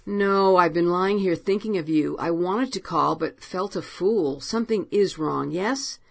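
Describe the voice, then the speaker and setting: A woman's voice: lowish voice, unhurried, vocal fry, no room sound. A woman voicing an anxious woman friend who calls late at night, stammering and apologetic. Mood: worried.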